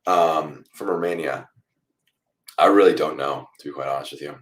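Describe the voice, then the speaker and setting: Very deep-voiced man. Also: fairly quick. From United States. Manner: chatty, reacts loudly to goals then explains calmly. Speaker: watchalong host. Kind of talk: live football watchalong commentary.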